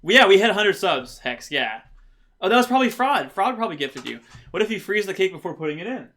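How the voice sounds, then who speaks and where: A man's voice: high voice, sing-song, quick pace, sharp tone. A man hosting a livestream, chatting playfully and laughing as he reads viewer comments. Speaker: livestream host. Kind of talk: casual chat reading viewer comments.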